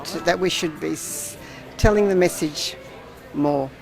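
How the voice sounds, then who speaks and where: Australian woman visitor, slow, gravelly replies, music faint behind. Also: low-pitched, rough recording.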